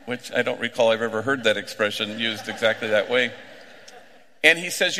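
A middle-aged man, a priest, preaching a sermon through unhurried, conversational stories, slipping in Spanish slang. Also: medium pitch, animated, pushed and bright. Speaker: priest working with gang members. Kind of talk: sermon with storytelling. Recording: echoey hall with long reverb.

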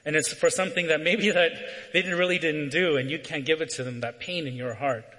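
A man's voice: a little high, fairly even intonation, fairly quick, sharp tone. A man preaching a sermon, telling a personal story and checking in with "right?" between phrases. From Southern California. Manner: storytelling with frequent "right?" asides. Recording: long reverb from a hall.

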